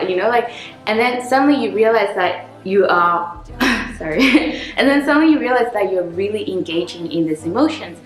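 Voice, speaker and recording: A woman's voice: medium pitch, expressive, moderate pace. A woman vlogger talking casually about self-help and spirituality, acting out the inner dialogue she has with herself. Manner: reflective, acts out her inner dialogue. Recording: echoey room.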